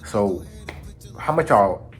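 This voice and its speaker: A man voicing a brash male genius scientist who talks quickly in casual slang. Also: lowish voice, lively intonation, faint music behind. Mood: hustling. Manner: hustling, rapid, casual slang.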